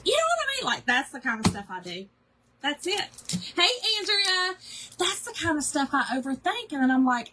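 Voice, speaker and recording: A woman's voice: sits high, big pitch swings, normal speed, bright, forceful tone. A woman hosting a casual craft livestream, chatting in a rambling way, greeting viewers by name and poking fun at herself.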